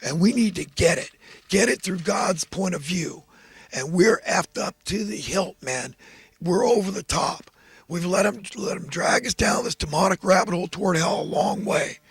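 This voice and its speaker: A man's voice: high-pitched, moderate pace, breathy edge, no room sound. A man giving a rambling, fervent, preachy monologue as host. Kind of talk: impassioned political monologue.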